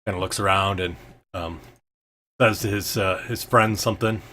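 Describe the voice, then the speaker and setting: A man's voice: sits low, steady tone, normal speed, sharp tone. A man narrating a tabletop game as game master, in a loose, hesitant way full of ums and filler words.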